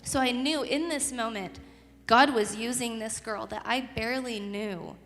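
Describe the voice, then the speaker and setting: A woman's voice: on the high side, unhurried, a bit bright, long reverb tail, soft background music. A woman giving an earnest, emotional testimony to a youth group. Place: youth service hall.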